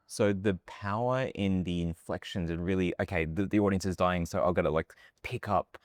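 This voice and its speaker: A man hosting a podcast in a relaxed, chatty way, often agreeing and adding his own stories. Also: low-pitched, moderate pace, no room sound, studio quality. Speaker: podcast host. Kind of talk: casual podcast chat.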